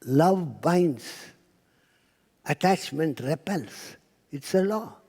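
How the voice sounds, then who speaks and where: A man's voice: on the high side, expressive, extremely slow, gravelly, a little mellow, husky, long reverb tail. A man giving a spiritual talk to an audience, telling stories and acting out quotes, sometimes dropping to a near-whisper. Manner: storytelling lecturer, acts out quotes, drops to near-whisper. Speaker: spiritual speaker. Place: lecture hall with audience.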